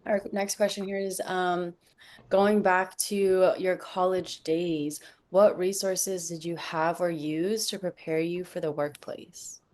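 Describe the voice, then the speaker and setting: A woman's voice: on the low side, steady tone, takes it slowly, a little mellow. A woman hosting a panel event, giving friendly scripted introductions. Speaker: program manager, event host.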